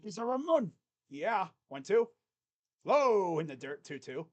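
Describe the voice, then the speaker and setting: A young man doing live fan play-by-play, chatty and rambling, jumping to excited calls on each pitch. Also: measured pace, dull audio.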